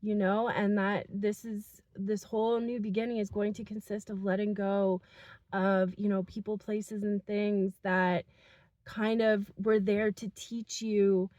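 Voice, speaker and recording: Young woman doing a spirit reading for viewers, soft and earnest, lots of likes and you knows, kinda flat tone, dry close sound. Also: mid-range voice, a little slow, no room sound. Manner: soft, earnest, emotional, many fillers. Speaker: spiritual channel reader. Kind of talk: intuitive message reading to viewers.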